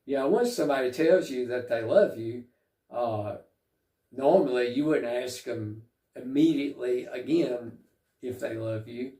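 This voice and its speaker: Male preacher, slow and halting, mellow tone, echoey room from a distance. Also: mid-range voice. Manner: slow, reflective, with frequent pauses and fillers. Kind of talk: sermon.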